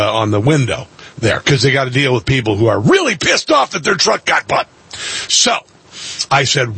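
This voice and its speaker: A male radio and TV host telling a story in an excitable monologue, his voice jumping up into loud outbursts. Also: mid-range voice, husky.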